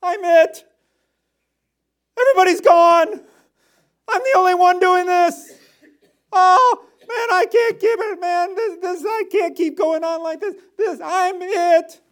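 A man's voice: very high-pitched, slow, fairly bright tone, pitched above the performer's own voice, heavily acted. A man voicing a self-pitying, discouraged male prophet who whines and wails in despair. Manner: whining, wailing, breaking into laughing sobs.

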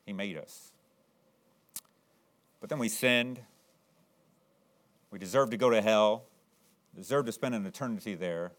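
A man preaching a sermon, telling an illustration story in an earnest, conversational way and rising sharply in pitch at excited moments. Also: measured pace, pauses often.

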